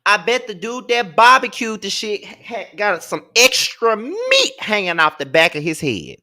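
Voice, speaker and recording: A man's voice: high voice, big pitch swings, measured pace, bright, forceful tone. A man giving a casual rant as a commentator, sassy, profane and emphatic.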